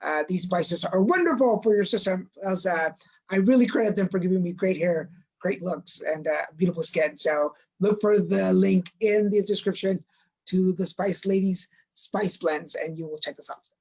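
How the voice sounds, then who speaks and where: A man hosting a casual podcast interview, speaking quickly with many fillers and hesitations. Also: high voice, creaky, darkish tone, rough recording. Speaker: podcast host. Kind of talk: casual interview, sponsor read.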